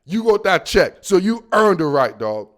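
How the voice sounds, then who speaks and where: Brief: male sports podcast host, high pitch, animated slangy rant. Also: moderate pace. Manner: animated, slangy, keeps saying "dog".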